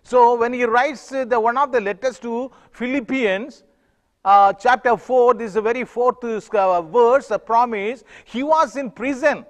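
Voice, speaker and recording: A pastor preaching a sermon in a halting way, with many fillers and restarts. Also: male voice, very high-pitched, in a large hall.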